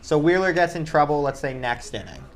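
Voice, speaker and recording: A man's voice: a little high, very animated, a little fast. A man co-hosting a casual watch-along chat, chatty and opinionated. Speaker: co-host.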